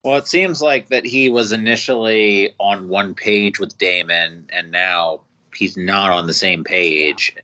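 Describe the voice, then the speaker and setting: Low-voiced, bright-toned podcast co-host man. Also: measured pace, hardly any pauses, poor audio. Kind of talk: casual podcast discussion.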